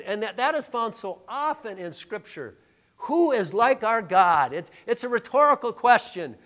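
A male pastor preaching a sermon, emphatic and full of rhetorical questions, dropping to a hush and then rising loud. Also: very high-pitched, very animated, moderate pace.

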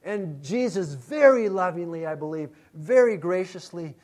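A man preaching with a voice pitched a touch higher than most men. He swings from loud, ringing calls down to soft, hushed asides, always in the dramatic manner of a sermon. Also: lively intonation, normal speed. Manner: dramatic, calls out names loudly then drops to a hush. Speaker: pastor.

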